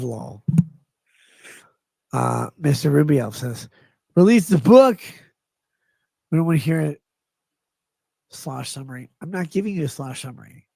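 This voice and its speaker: A man's voice: fairly high pitch, creaky, darkish tone, husky, dry recording. A man rambling loosely through a livestream as he reads chat messages aloud, swearing and drifting off topic in a drunken manner.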